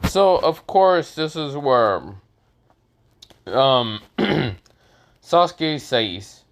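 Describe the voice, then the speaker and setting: A man's voice: a little high, big pitch swings, very slow, pauses often. Guy rambling thru a made-up anime fan story, lots of uhs and fixing himself. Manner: rambling, with fillers and self-corrections. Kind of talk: improvised fan story narration.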